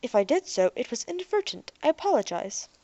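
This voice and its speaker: A woman voicing a literal-minded male robot who answers in slow, measured statements. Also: high voice, very animated, mellow, dry recording, voice pushed up. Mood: calm.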